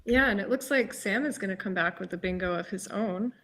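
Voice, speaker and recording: A woman giving live game commentary, explaining moves in a measured, analytical way with hesitant fillers. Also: mid-range voice, fairly bright tone. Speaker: tournament commentator.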